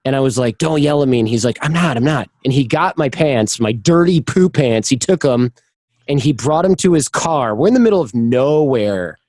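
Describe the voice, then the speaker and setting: This podcast guest, animated and candid, tells personal anecdotes in a casual interview and often performs the voices of those involved. His voice is medium-pitched and darkish, at a moderate pace, with no echo.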